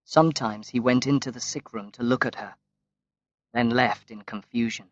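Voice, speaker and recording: A man reading a graded-reader story aloud as audiobook narration, slow and measured with long pauses. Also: mid-range voice, fairly even intonation, dry recording. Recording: dry, slightly dull lo-fi recording.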